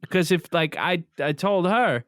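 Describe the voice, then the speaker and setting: A man, a podcast guest telling loud, swear-filled stories in casual chat. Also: sits high, expressive, normal speed, no room sound, clean studio sound. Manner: loud storytelling, lots of swearing.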